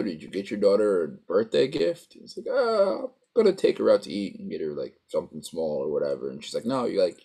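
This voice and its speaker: Rambling, filler-heavy low-voiced man. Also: darkish tone. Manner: rambling, lots of fillers and acted-out quotes. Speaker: co-host recapping a show. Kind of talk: casual chat.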